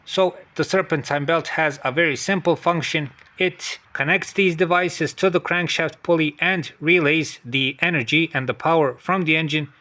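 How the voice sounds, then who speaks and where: A man teaching car maintenance in a clear, instructional way, pausing to check in with viewers. His voice is bright and forceful and sits a bit high for a man. The sound carries the roomy echo of a garage. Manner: repeats "okay?" and addresses "dear viewers". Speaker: car repair presenter. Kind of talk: instructional explainer.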